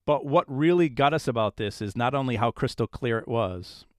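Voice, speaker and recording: Here a paranormal investigator, a man of medium pitch and moderate pace, shares stories in an interview. His casual, animated delivery includes acting out quoted voices, and the studio-quality recording has no room sound.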